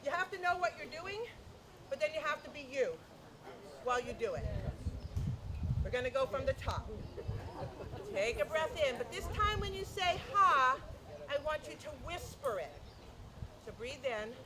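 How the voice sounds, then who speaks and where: A woman's voice: high voice, expressive, normal speed, pauses often, noisy background. A woman teaching a flamenco dance class, energetically counting beats aloud and mixing in Spanish counts. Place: dance class, community TV broadcast.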